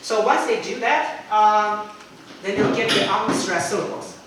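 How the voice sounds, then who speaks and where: A man's voice: sits high, a little slow, noisy background. Man, chatty teacher trainer; recorded far off in a very echoey room. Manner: chatty, frequent "okay?" checks, demonstrates chants. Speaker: English teacher.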